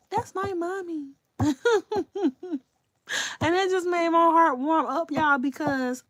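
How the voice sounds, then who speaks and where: A woman's voice: medium pitch, fairly bright tone, no echo. Candid, chatty woman livestreaming. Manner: candid and chatty, swears freely; talks straight to viewers. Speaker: livestream host. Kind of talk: casual livestream chat.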